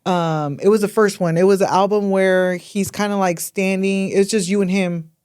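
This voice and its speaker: A woman's voice: mid-range voice, fairly even intonation, normal speed, a little mellow, smooth. A woman co-hosting a casual podcast chat, playful and teasing, with a slight lisp. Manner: playful, teasing, laughs often. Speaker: podcast co-host.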